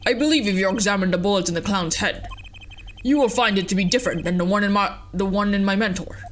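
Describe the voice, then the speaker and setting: A woman voicing a calm, aloof older male stage magician who speaks in a formal, measured, mysterious way. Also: medium pitch, slight background noise, close to an everyday voice.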